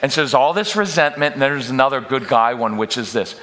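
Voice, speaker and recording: A man with a bright, forceful voice addresses a live church audience in a parenting workshop. He talks energetically, cracks jokes and slips into quoted voices of parents and children. His voice rings out with the long reverb of a big church hall. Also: mid-range voice, brisk. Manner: energetic, jokey, acts out quoted parents and kids. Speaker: guest parenting speaker. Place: church auditorium.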